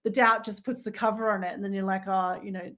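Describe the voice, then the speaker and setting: A woman's voice: mid-range voice, fairly even intonation, quick pace, fairly bright tone. A woman co-hosting a podcast in casual spiritual chat, reflective and rambling, with many fillers and restarts. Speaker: podcast co-host.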